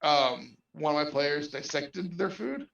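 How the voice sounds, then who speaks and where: A man talking casually about the tabletop games he runs, in a gravelly, fairly high voice. He rambles and restarts his sentences often. The sound is distant and echoey, with a dull, muffled edge. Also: animated, unhurried, fairly bright tone. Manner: rambling, restarts often, laughs between points. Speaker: guest game master. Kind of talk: casual podcast chat.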